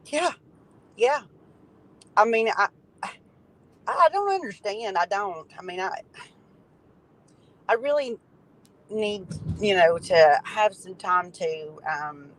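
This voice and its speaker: A guest from Tennessee with a Tennessee Southern accent, speaking in a hesitant, halting, earnest way in casual chat. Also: mid-range voice, a bit bright, low-quality recording.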